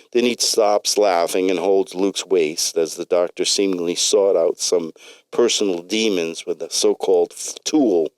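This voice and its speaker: A man narrating a comic story in a deadpan, matter-of-fact way. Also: low-pitched, no room sound.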